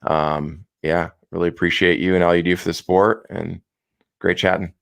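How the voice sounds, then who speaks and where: Low-voiced male host for a relaxed video call chat, jokey and easygoing. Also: normal speed, gravelly. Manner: easygoing, joking, many ums. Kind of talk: casual live video chat.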